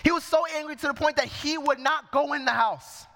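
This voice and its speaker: A man's voice: very high voice, brisk, gravelly, bright, forceful tone, in a large hall. A man preaching a sermon, reading scripture verse by verse and explaining it as he goes.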